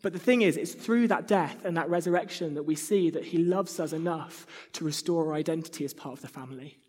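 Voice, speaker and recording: Man, sermon, earnest and chatty, slightly high voice, husky, long hall echo. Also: brisk, a little mellow. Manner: earnest, acts out whiny child voices. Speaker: preacher. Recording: reverberant hall.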